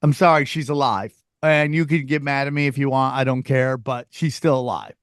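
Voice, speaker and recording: A man hosting a podcast in casual chat, telling stories with lively voiced quotes. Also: mid-range voice, moderate pace, clear, resonant tone, no room sound, clean studio sound. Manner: animated storytelling, acts out quoted people. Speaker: podcast host and comedian.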